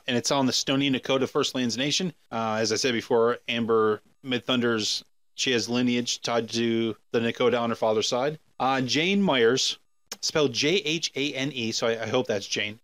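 A man's voice: medium pitch, a bit bright, no room sound. Rambling, jokey podcast man. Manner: rambling, jokey, full of fillers and restarts. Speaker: podcast co-host. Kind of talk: casual movie discussion.

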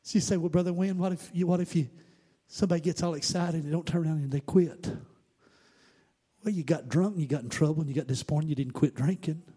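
Pastor, high-pitched man; sermon that swings between hushed asides and loud, chanting outbursts. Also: fast, slightly rough. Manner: swings from quiet asides to shouted, sing-song preaching.

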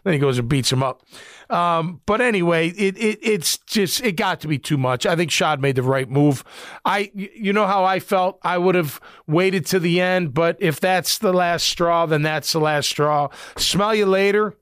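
A man's voice: high-pitched, normal speed, fairly bright tone, no echo, studio quality. A middle-aged man, a former football player, giving casual sports commentary in a blunt, rambling way with lots of fillers.

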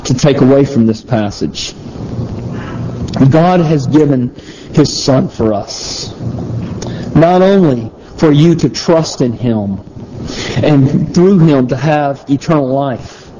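A man preaching a sermon, teaching through a Bible passage in a conversational way, pausing and restarting phrases as he thinks aloud. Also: mid-range voice, background noise.

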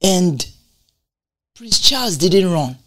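A woman's voice: fairly low pitch, big pitch swings, slow pace, no echo. A woman preaching a sermon, emphatic and repetitive, asking rhetorical questions and laughing between points.

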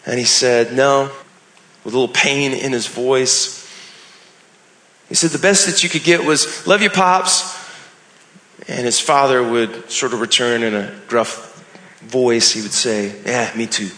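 Earnest male pastor, sermon delivery, bright tone, roomy echoing church. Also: medium pitch, a little slow. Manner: earnest, builds to emphatic rising phrases. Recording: echoey hall with long reverb.

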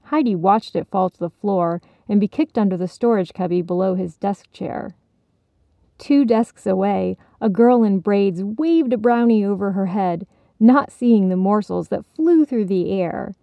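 A woman narrating a children's storybook in a measured, gently expressive way, in a dull, dry recording. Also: mid-range voice, gravelly, dry recording.

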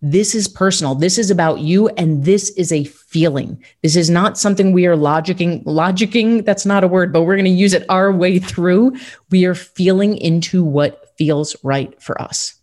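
A woman's voice: lowish voice, moderate pace, a little mellow. A woman hosting a motivational podcast, talking in an upbeat, emphatic coaching tone. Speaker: podcast host.

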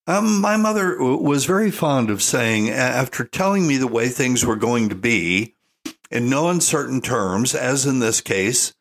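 A man's voice: mid-range voice, expressive, unhurried. An older man giving an opinionated monologue as a parenting commentator, folksy and emphatic, calling listeners "folks". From United States.

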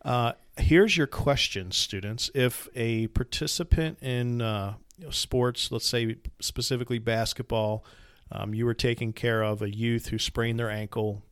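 A man's voice: mid-range voice, clean tone, no echo, clean studio sound. A man in his forties hosting a podcast, explaining things in a chatty way with plenty of filler words. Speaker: podcast host. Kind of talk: casual chat.

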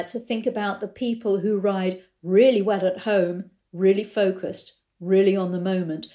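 A woman's voice: medium pitch, mellow. A middle-aged woman, a riding coach, explaining ideas in a storytelling way and acting out the exchanges she quotes. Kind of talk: explanatory talk with anecdotes.

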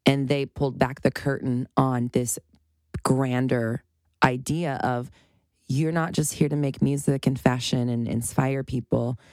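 A woman's voice: very deep voice, steady tone, a little slow, darkish tone, no echo, studio quality. A woman around forty gives an unscripted motivational monologue as a life coach, emphatic and profane, often breaking into laughter.

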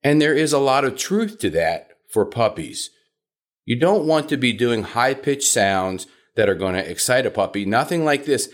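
A man hosting a podcast as a puppy trainer, talking in an instructive monologue and sometimes mimicking shrill dog owners. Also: sing-song, unhurried. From South Florida.

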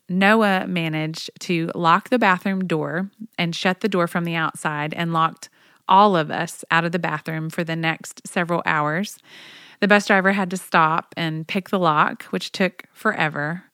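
A woman in her forties with a lowish, smooth, resonant voice, chatty and anecdotal, laughing now and then as she tells stories. The sound is close and dry. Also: a bit bright, no room sound. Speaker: storyteller, mother on tour. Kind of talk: personal storytelling monologue.

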